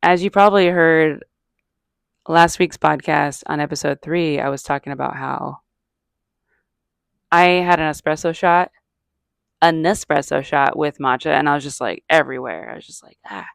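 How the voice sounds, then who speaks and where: A woman's voice: low-pitched, fairly even intonation, moderate pace, gravelly, pauses often, clear, resonant tone, no room sound. A middle-aged woman from Arizona, a comedian hosting her own podcast, talking in a chatty, self-mocking ramble that wanders off topic. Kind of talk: casual rambling monologue.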